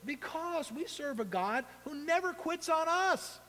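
A male pastor with a high, lively voice that leaps up and drops low as he preaches. He acts out the people in his story with short dramatic voices. A long reverb trails after each phrase, like a large sanctuary. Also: unhurried. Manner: animated, acts out quoted voices. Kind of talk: sermon.

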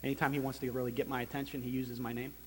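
A man in his thirties giving a personal testimony sermon as a church planter, telling his story earnestly and haltingly. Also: medium pitch, level tone, a bit bright. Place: large meeting room. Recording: long hall reverb.

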